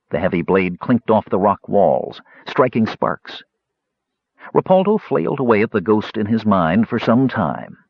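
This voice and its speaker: A man reads scripted prose from a fantasy audiobook in a low, slightly husky voice, his pitch ranging lively and expressive. He slips into character voices for the quoted dialogue. The recording is dry, dull and lo-fi, with no echo.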